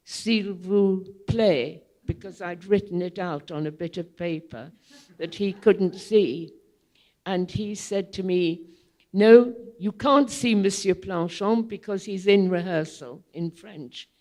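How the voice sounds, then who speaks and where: An older woman speaking to a theatre audience as a guest, telling long anecdotes in an unhurried, digressive way, with frequent ums. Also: mid-range voice, darkish tone. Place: theatre hall, public event.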